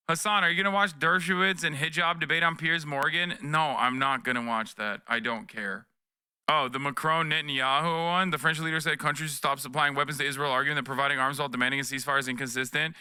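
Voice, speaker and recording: A man's voice: fairly high pitch, brisk, sharp tone, smooth, no echo. A man in his thirties reacting to news clips on a live stream, sarcastic and profane, close to a desk mic. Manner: profane, sarcastic, mocking voices.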